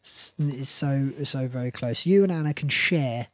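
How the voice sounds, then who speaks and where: A woman hosting a casual podcast game, playful and quick to laugh. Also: rumbling low, crowd noise. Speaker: podcast host.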